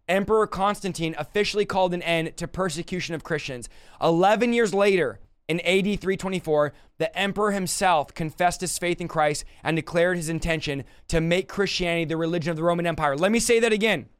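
A man's voice: high-pitched, smooth, no room sound. A man teaching and preaching on a livestream, emotional and close to tears, ending in fervent prayer. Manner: emotional, exclaiming, near tears.

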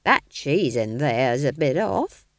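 A woman's voice: extremely low pitch, sing-song, takes it slowly, no echo, clean studio sound, voice pushed down, heavily acted. A woman voicing an earthy, cheerful old witch who talks in a blunt, chatty way for an audiobook. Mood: cheeky. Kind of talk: audiobook character voice.

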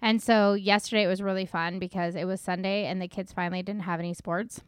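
A chatty woman in her thirties talking casually on a faith podcast. Her voice is smooth and resonant, recorded close and dry with no room sound. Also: medium pitch, fairly even intonation, fast, no echo. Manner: chatty, many fillers like "like" and "you know". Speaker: podcast co-host.

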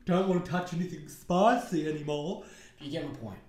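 A young man with an Australian accent rants through his podcast in a slightly high voice, sarcastic, swearing freely and drifting into asides. He sounds like he is in an echoey room. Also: expressive, fairly quick, a little mellow. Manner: sarcastic and profane, rambling asides. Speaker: podcast host. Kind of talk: casual solo podcast rant.

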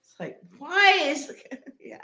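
A woman's voice: very high voice, big pitch swings, slow pace, bright, forceful tone. A middle-aged woman, the mother of the hosts, chatting casually as a guest and laughing as she tells stories. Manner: laid-back, laughing storyteller. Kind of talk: casual chat. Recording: echoey room.

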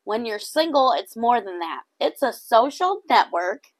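A young woman co-hosting a podcast in casual chat, animated and laughing often, trailing off mid-sentence. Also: a little high, unhurried. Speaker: podcast co-host.

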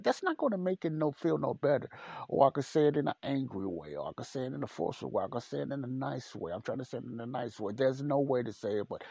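A man's voice: mid-range voice, lively intonation, fast talker, vocal fry, dark tone, slightly rough, no room sound. A man preaching a podcast sermon, blunt and repetitive, speaking straight to the listener. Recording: dull, dry lo-fi recording.

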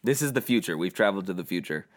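A man's voice: low voice, expressive, racing, no room sound, studio quality. A man hosting a movie podcast, playful and joking, swearing freely as he steers the chat. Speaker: podcast host. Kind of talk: casual movie review chat.

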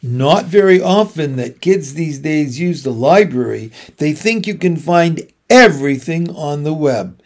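A man's voice: a little high, lively intonation, measured pace, few pauses. A man doing a curt, grumpy old-school librarian. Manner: curt, grudging. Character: grumpy gruff male small-town librarian.

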